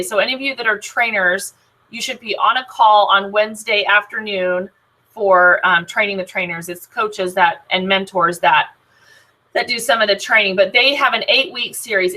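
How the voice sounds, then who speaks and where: Bright, chatty woman leading a team call. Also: medium pitch, low-quality recording. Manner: chatty, many filler "um"s and restarts, upbeat. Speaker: team leader of a sales team. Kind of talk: casual team training talk.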